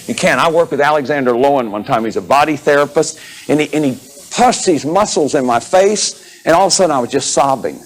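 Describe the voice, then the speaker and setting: A man in his fifties giving a lively lecture on therapy, acting out examples, laughing often and restarting his sentences. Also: mid-range voice, low-quality recording. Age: 50s. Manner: repeats words, restarts sentences. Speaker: therapist lecturing on inner child work.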